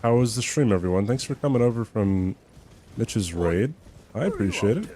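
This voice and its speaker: A man's voice: on the low side, big pitch swings, moderate pace, warm tone, a little hiss or hum. A man streaming a game live, chatting casually with viewers in a laid-back, joking way and swearing now and then.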